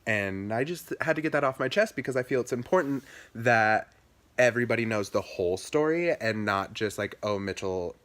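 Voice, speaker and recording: Young guy vlogging, super animated, squeaky high quote voices then low mutters. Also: moderate pace. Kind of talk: casual storytelling to camera.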